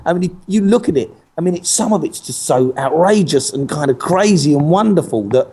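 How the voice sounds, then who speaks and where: A man's voice: on the high side, lively intonation, a little fast, dark tone, slightly rough. A man, an actor talking as a guest in a casual interview, who laughs often and keeps restarting his sentences in a playful way.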